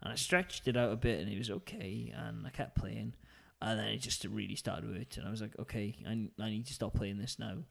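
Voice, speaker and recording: A man's voice: on the low side, fairly quick, creaky, hardly any pauses, a bit bright. A man co-hosting a podcast, telling a long story in a chatty, self-mocking way. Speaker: podcast co-host. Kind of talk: casual chat.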